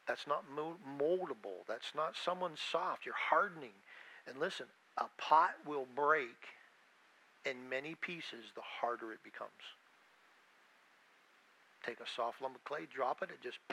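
A man's voice: a little high, sharp tone, rough recording. A man preaching an informal sermon who talks in a conversational way, with restarts and asides to the listeners, and who works as a hospital chaplain.

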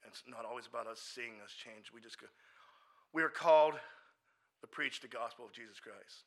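A man's voice: medium pitch, moderate pace. A man who works in addiction ministry, telling a personal testimony in an earnest, casual, plainspoken way.

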